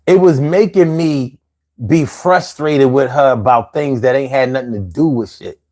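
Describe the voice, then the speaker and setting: A man's voice: mid-range voice, normal speed, a little mellow. A man hosting a casual live show, telling stories in loose slang and laughing often. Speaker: show host.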